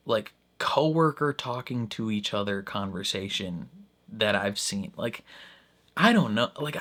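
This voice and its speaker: Young male reaction host, middle pitch, rambling casual delivery with plenty of filler words and frequent laughs. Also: a bit bright. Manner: rambling, heavy on "like" and "I don't know", laughs often. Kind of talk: casual commentary.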